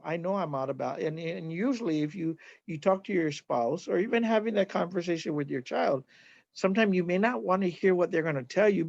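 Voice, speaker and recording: Earnest Hawaiian healer man, high voice. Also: vocal fry, no room sound, dull audio. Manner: earnest, repeats "right?" often. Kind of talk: conversational interview, teaching.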